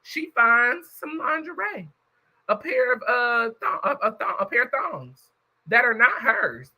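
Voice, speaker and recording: A man's voice: very high voice, big pitch swings, a little slow, sharp tone, rough recording. A man casually recapping a story for his viewers, chatty and talking straight to the audience. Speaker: YouTube reviewer.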